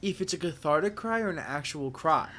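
A man's voice: a little high, animated, a bit bright. A man co-hosting a podcast, chatting casually and cracking jokes. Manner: joking, quick with wisecracks. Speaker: podcast co-host. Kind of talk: casual chat.

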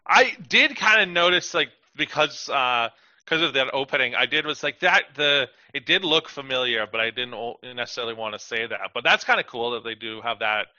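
Bright-voiced man in casual podcast chat. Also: medium pitch, lively intonation, brisk, dry recording, muffled recording. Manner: chatty, rambling, lots of fillers and acted-out quotes. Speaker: podcast co-host.

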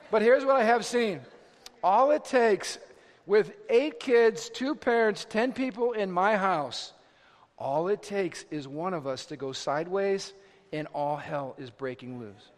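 High-voiced, animated male preacher. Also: a little slow, in a large hall. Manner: animated, dramatic, self-mocking humor. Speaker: pastor. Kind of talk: sermon.

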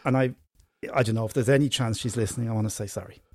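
A man's voice: medium pitch, steady tone, very fast, breathy edge, dry recording, clean studio sound. A man with an Irish accent, co-hosting and telling a story in a hesitant, self-deprecating way. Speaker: co-host. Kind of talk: casual chat, storytelling.

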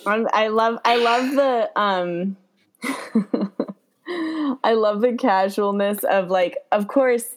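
A woman's voice: medium pitch, slow pace, long pauses. A young woman in casual chat, amused and analytical as she talks.

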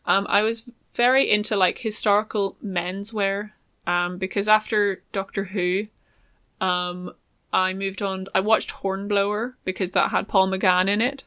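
A woman's voice: mid-range voice, steady tone, unhurried, pushed and bright, smooth, no echo, studio quality. A young woman chatting casually about making her own clothes, rambling with many ums and likes. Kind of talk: casual chat.

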